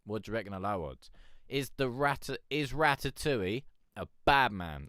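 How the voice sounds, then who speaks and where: A man's voice: medium pitch, lively intonation, normal speed, hardly any pauses, fairly bright tone, dry recording, studio quality. A man hosting a music review stream, rambling and joking in casual chat. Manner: rambling, joking, swears, laughs a lot.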